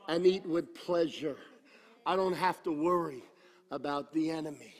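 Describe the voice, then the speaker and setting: A man in his sixties preaching a sermon, swinging between impassioned shouting and low, quiet speech with a repetitive, emphatic cadence. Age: 60s. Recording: long reverb of a large hall.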